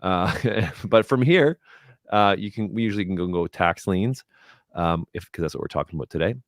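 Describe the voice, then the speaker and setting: A man with a very low voice walks viewers through a casual tutorial, thinking aloud as he goes. His talk is chatty and unpolished. The sound is dry and close, with no room echo. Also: normal speed. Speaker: guest presenter doing a screen-share.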